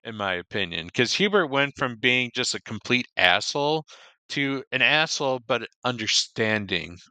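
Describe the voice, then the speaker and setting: A man's voice: medium pitch, expressive, moderate pace, sharp tone, no echo. A man hosting a casual podcast discussion, recapping loosely with lots of fillers and restarts. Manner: rambling recap with frequent fillers. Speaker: podcast host.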